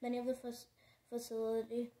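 A sly, mischievous old schoolmaster muses theatrically, as a woman reads him aloud. The voice is mellow, a little high, in a roomy echo. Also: monotone, fairly quick, natural voice.

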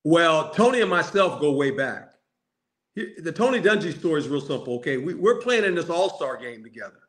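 An older man with a slightly raised voice spins animated football stories. He acts out the other people's lines and breaks into laughter often. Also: fairly high pitch, a little fast. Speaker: guest, former coach and player. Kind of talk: storytelling phone-in chat.

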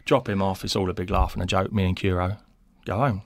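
A man, a former footballer, telling animated anecdotes on a podcast and acting out the people he quotes. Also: sits low, a little fast, no echo. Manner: animated storyteller, acts out quotes, laughs mid-story. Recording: dry close mic in small studio.

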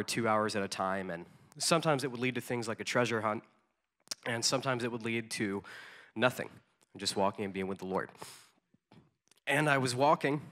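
A man's voice: on the low side, a bit bright. A man preaching in a storytelling way, conversational, with frequent ums and repeated words. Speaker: conference speaker. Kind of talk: storytelling sermon.

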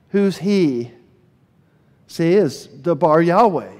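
A man preaching a sermon as pastor, telling Bible stories in an animated way and acting out the speakers he quotes. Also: a little high, takes it slowly. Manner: animated storytelling, voices quoted speakers with bursts of energy. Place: church sanctuary. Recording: long hall reverb.

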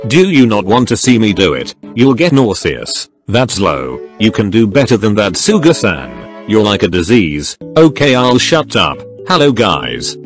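A male text-to-speech voice reading a chat story, doing every character in the same voice and spelling out text slang. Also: fairly low pitch.

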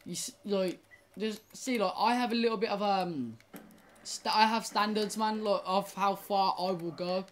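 A woman's voice: medium pitch, moderate pace, slight background noise. A young woman rambles to her viewers while playing a game, often restarting her sentences and swearing at the game. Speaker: gaming YouTuber. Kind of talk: casual gaming commentary.

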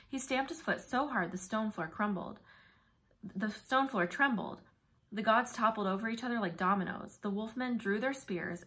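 A woman reading a novel aloud in first person, with brisk, vivid storytelling. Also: medium pitch, a bit bright. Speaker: audiobook narrator.

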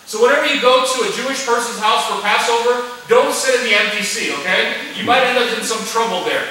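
A man preaching a sermon as pastor, animated and joking with the congregation. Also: extremely high pitch, a little fast, a little hiss or hum. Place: church sanctuary. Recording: echoey church hall from far off.

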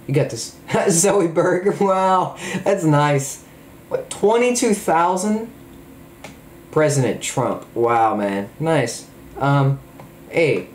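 Hyped gamer dude yelling at the screen, pitch jumping all over, kinda echoey room. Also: male voice, slight background noise. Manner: excitable, exclamatory, jokey. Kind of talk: excited gameplay commentary.

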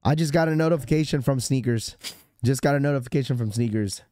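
A man with a hoarse, sore-throat voice hosting a sneaker livestream, talking to his chat in a casual, rambling way full of restarts. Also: medium pitch, quick pace, warm tone, no room sound. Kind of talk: casual live-stream chat.

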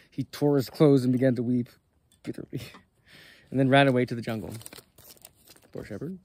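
A man giving a steady, earnest devotional reading at a spiritual gathering. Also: medium pitch, normal speed, long pauses, no echo. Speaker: reader of scripture at a satsang.

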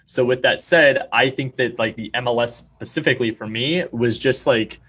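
A man's voice: medium pitch, moderate pace, fairly bright tone, husky. A young man, a real estate agent, explaining his deals in a confident, salesy way during a podcast interview. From Arizona, USA. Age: young adult.

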